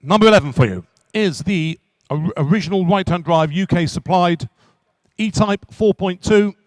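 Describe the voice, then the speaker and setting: A man working as an auctioneer at a live car auction, calling bids in quick repetitive runs. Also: high-pitched, dry recording. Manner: rapid repetitive bid calling.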